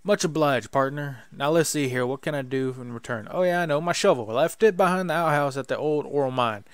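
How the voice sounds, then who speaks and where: A friendly cactus cowboy speaks in a raised, folksy drawl from a Western game, as a man puts him on. His voice is brighter and louder than plain talk, recorded close and dry. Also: on the high side, brisk, clear, resonant tone, no echo, close to an everyday voice. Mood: grateful. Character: grateful friendly male cactus man in the Old West.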